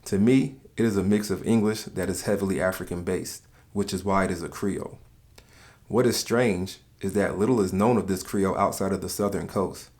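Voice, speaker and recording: A man narrating in a calm, measured, scripted way, explaining things to the listener. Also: low-pitched.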